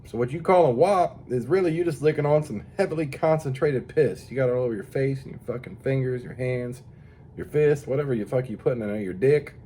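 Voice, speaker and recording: A man's voice: mid-range voice, brisk, dark tone, slight background noise. A tired man rambling through a crude, profane casual monologue as a vlogger. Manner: profane, rambling, mock-tough.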